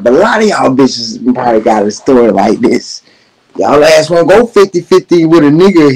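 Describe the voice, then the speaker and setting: A man's voice: mid-range voice, a little mellow, poor audio. A young man hosting a reaction video, giving blunt, profane commentary in a ranting way. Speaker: reaction host.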